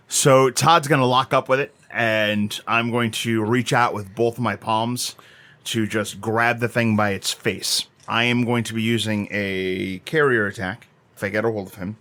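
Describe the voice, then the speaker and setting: Low-voiced man playing a tabletop game. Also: fairly even intonation, unhurried, fairly bright tone. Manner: eager, swears casually, talks through dice rolls. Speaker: player.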